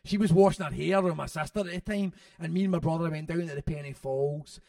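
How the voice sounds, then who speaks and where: A man tells animated stories in an interview, swearing freely. His voice sits high for a man. The sound is dry, picked up from a distant mic. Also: fast, creaky, dry recording. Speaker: author. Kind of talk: storytelling in an interview.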